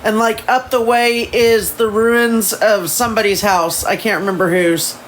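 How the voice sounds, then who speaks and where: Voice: medium pitch, little pitch movement, unhurried, a bit bright, a little hiss or hum, rough recording. A livestream host chatting casually at home, rambling and second-guessing their memories, and sometimes reading a novel aloud. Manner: rambling, unsure of details, self-correcting. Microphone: phone livestream.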